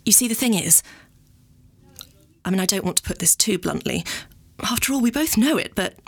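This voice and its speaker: A woman's voice: medium pitch, lively intonation, normal speed, creaky, slightly rough. A woman performing a comic dramatic monologue, rambling, arch and constantly correcting herself.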